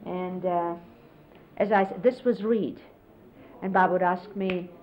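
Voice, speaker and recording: A middle-aged woman casually reminiscing, explaining hand gestures in an unhurried, conversational way and often quoting others. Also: fairly low pitch, fairly even intonation. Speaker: interviewee recalling life with a spiritual teacher. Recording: lo-fi 1970s videotape, faint hiss.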